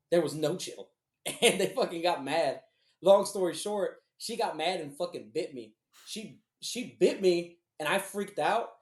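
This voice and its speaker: A man with a fairly high voice co-hosts a podcast, telling his story in a loose, cursing, animated way. The sound bounces around an echoey room. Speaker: podcast co-host. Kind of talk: casual storytelling chat.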